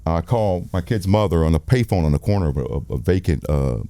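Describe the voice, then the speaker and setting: Brief: man, 50s, director guest, low mellow voice, dry close sound, profane and animated storyteller. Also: brisk, no room sound. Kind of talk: candid storytelling interview.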